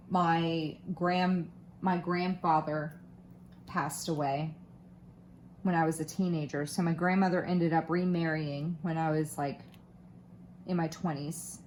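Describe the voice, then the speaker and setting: A woman's voice: lowish voice, steady tone, slow pace, long pauses, slight background noise. A woman in her thirties or forties with a slight Southern Florida twang, chatting casually while she crafts, rambling and self-deprecating with lots of fillers. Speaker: crafting vlogger.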